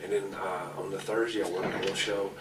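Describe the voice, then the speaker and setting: A man in his forties tells rambling, profane stories in a shoot interview. His voice sits fairly low and he talks bluntly. The mic is set well back and room noise hangs behind him. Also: little pitch movement, brisk. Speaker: pro wrestler interview guest. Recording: distant mic, noisy room ambience.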